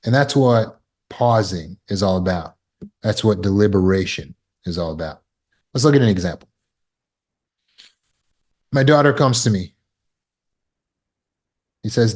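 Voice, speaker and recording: A man's voice: lowish voice, lively intonation, a little slow, long pauses, darkish tone. Earnest man teaching trauma recovery. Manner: earnest, acts out scenes with bursts of alarm. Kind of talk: teaching talk with acted examples. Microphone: video call.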